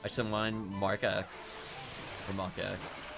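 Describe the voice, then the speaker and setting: A man streaming a game, casually commenting and talking to his chat in a relaxed way. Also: on the low side, slow, vocal fry. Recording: game music behind.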